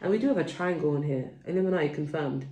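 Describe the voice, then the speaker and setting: Woman, London accent, casual tarot reading, chatty, digressive, lower voice, echoey room. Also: lively intonation, quick pace, mellow, far from the mic. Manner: chatty, digressive, talks straight to viewers. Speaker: tarot reader. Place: home.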